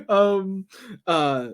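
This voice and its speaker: Male podcast co-host, easygoing comic recap, hesitant, slightly high voice. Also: very animated, extremely slow. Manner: easygoing, many ums and uhs, laughs easily. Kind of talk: casual comic book discussion.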